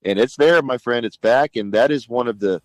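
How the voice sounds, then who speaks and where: A man's voice: medium pitch, moderate pace, no room sound, poor audio. A middle-aged man, a state senator, talking emphatically on a radio talk show and acting out conversations. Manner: emphatic, animated, acts out conversations.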